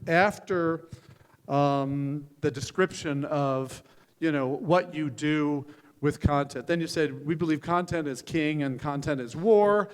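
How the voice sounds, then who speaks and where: An older man, a venture capitalist, giving frank, joking feedback on startup pitches, with many restarts and fillers. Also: slow, smooth. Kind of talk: live pitch coaching. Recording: hall reverb.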